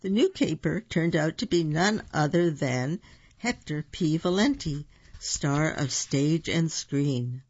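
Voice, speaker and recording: A reader telling a picture book aloud at an unhurried pace, adding asides about the pictures. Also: mid-range voice, expressive, breathy edge, dull audio. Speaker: storybook reader.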